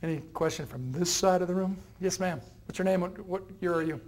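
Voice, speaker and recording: A man giving an energetic, joking motivational talk to university students, telling anecdotes and acting out quotes. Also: high-pitched, a little fast. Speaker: motivational speaker. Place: university room with a live audience.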